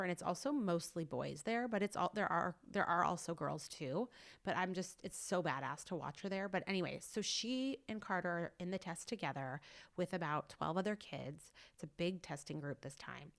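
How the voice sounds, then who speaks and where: Chatty woman host, fairly low voice. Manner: chatty storytelling, many "like" fillers. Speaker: podcast host. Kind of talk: casual chat.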